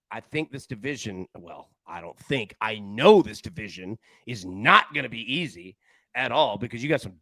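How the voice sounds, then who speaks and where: A man hosting a sports-betting talk show, his voice slightly high and swinging widely in pitch as he chats. He keeps restarting his sentences with stacked "I, I" false starts. The sound is dry and close, with no room echo. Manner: animated, talks in restarts and repeated "I, I". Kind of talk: casual chat.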